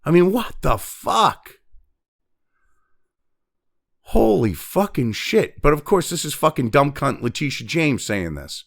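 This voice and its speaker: A man's voice: on the high side, big pitch swings, creaky. A man hosting ranting news commentary, profane and exasperated, sighing heavily and breaking off from reading news to vent. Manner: reads news text quickly, then breaks off to vent.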